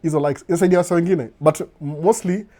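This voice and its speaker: A middle-aged Kenyan man with a mellow, somewhat high voice talks fast while hosting a casual live stream. He reads viewer comments, switches between Swahili and English, and often chuckles and says "no, no."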